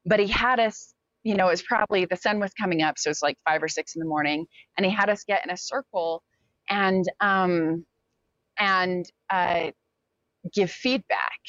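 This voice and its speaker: A young adult woman with a lowish, fairly bright voice, appearing as an interview guest, tells a personal story candidly at a moderate pace, full of fillers and quoted asides. There's no room sound, and the recording is dull and lo-fi.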